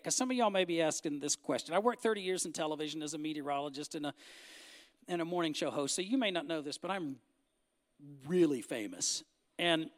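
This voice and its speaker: Speaking to a church crowd in a large hall, a man in his fifties from Arkansas uses a fairly high, slightly bright voice. His talk is a humorous, folksy sermon that keeps building to emphatic outbursts.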